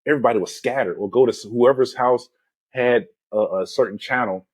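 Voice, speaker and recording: A man in his forties, a podcast host, retelling a film in a loose, animated way, full of "man" and "you know". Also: mid-range voice, brisk, slightly rough, dry recording. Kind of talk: casual movie discussion.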